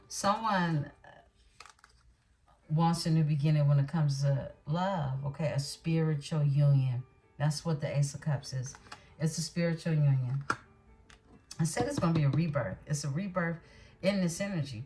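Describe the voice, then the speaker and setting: A woman's voice: low voice, darkish tone, slight background noise. A woman doing a tarot card reading, blunt and emphatic, often checking in with her listeners as she goes. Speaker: tarot reader.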